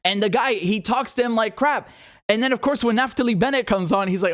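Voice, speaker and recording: Male livestream commentator, higher-pitched, ranting with sarcastic exasperation. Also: brisk, fairly bright tone. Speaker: host of political commentary show.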